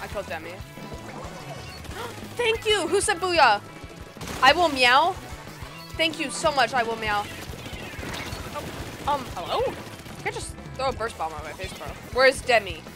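A woman giving gameplay commentary, excitable and playful, bursting into mock-angry outbursts. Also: on the high side, moderate pace, long pauses. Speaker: gamer. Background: game music.

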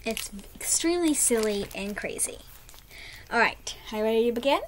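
Animated young woman reading aloud. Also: fairly high pitch, normal speed, slight background noise, rough recording. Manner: animated, expressive storytelling. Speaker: storyteller. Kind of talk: reading a picture book aloud.

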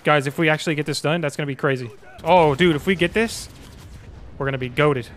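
A young man streaming a game live, chatting to viewers in slang and bursting into excited yells. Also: fairly high pitch, fast talker, slight background noise.

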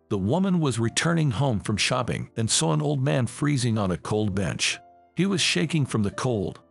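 A man narrating a scripted life story in a steady, expressive storytelling manner. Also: medium pitch, creaky.

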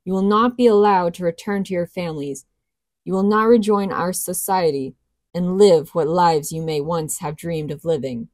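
A woman voicing a timid, gentle young princess who speaks earnestly. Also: fairly low pitch, normal speed, dry recording, close to an everyday voice. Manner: earnest, pleading.

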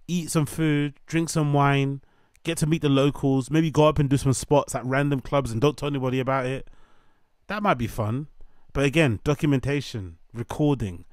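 A man's voice: mid-range voice, darkish tone, no echo, studio quality. A man giving opinionated commentary, ranting and mocking in long repetitive lists.

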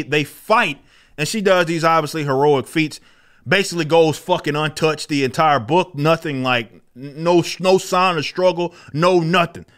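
Man, comic book commentator, casual video talk, profane, incredulous, mid-pitched voice. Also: fairly bright tone.

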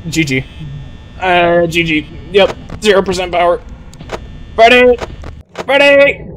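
A young man streaming a horror game, rambling nervously to his chat and yelling when things go right. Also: sits high, steady tone, a little slow, a little hiss or hum, low-quality recording. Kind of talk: live gameplay commentary.

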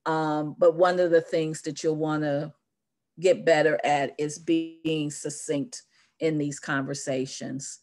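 A woman's voice: low-pitched, little pitch movement, takes it slowly, a little mellow. A woman presenting in a webinar, explaining an application process thoughtfully and with many fillers.

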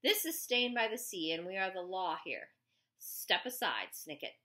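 Lady doing a snappy suspicious cop lady, bright and bossy, lots of swing. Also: mid-range voice, big pitch swings, normal speed. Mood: stern. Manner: barking, sharp. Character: stern suspicious female small-town police officer.

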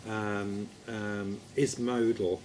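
A man's voice: on the low side, level tone, very slow, darkish tone, slight background noise. A man, a folk musician, chatting in a friendly way about the music he plays and prompting his bandmate along. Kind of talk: casual conversation about music.

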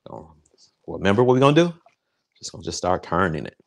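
A man hosting a casual cooking livestream, excitable and crude, joking and chatting straight to his viewers. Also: low-pitched, fast, vocal fry. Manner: excitable, crude, jokey, chats directly to viewers. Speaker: home cook hosting a cooking show.

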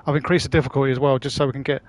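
A man's voice: medium pitch, steady tone, rapid-fire. A man chatting casually to his live-stream audience as he plays, rambling, swearing and using slang. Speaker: gaming streamer.

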